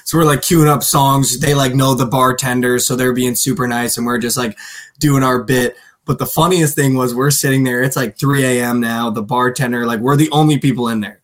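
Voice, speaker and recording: A young man in his twenties co-hosts a sports betting podcast, speaking at medium pitch with fairly even intonation and a fairly quick pace. He tells rambling, casual stories full of fillers, saying "like" and "dude" a lot.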